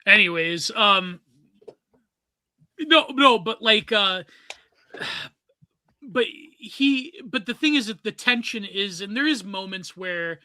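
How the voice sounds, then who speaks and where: A man co-hosting a podcast in casual chat, talking quickly and loosely with many fillers. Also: high-pitched, expressive, pushed and bright, dry recording. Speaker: podcast co-host.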